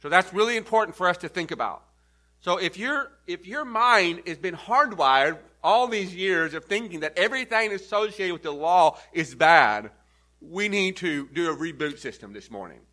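A pastor delivering an earnest sermon, teaching step by step and leaning hard on key words. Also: male voice, high-pitched, animated, normal speed, pushed and bright. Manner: earnest, emphatic teaching with repeated stresses. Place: church.

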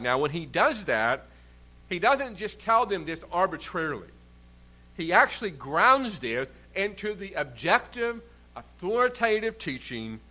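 A man's voice: on the high side, sharp tone. A man preaching a sermon in an earnest, emphatic way, stretching out key words for stress. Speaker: pastor.

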